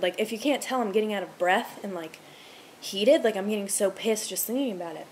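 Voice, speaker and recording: A woman's voice: mid-range voice, lively intonation, a little fast, slight background noise. A young woman in her twenties, a restaurant server, chatting to camera at home, rambling, swearing freely and ranting heatedly. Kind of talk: casual chat to camera. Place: home room with TV on.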